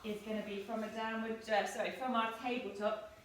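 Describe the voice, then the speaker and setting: A woman in her thirties teaching yoga to children, giving gentle, playful, encouraging instructions. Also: a little high, level tone, brisk. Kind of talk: guiding a kids' yoga class. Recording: echoey room, distant mic, faint noise.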